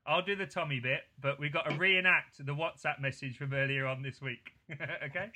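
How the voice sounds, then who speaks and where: Bright-voiced man hosting casually. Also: on the high side, fairly even intonation, fairly quick. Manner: laughing, leads the segments. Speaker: podcast host. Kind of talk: casual chat.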